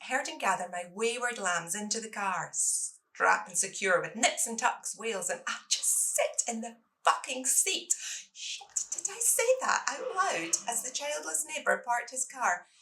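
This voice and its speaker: A Scottish woman in her fifties, a debut author giving an expressive reading of her own prose and poetry that turns lively in the poem. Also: on the high side, a little slow, low-quality recording. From Scotland.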